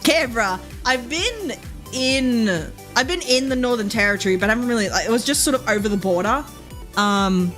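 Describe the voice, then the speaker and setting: A woman's voice: on the high side, animated, brisk, fairly bright tone, faint music behind. A young woman from Queensland with an Australian accent, chatting casually on a live stream, rambling with lots of fillers and frequent giggles.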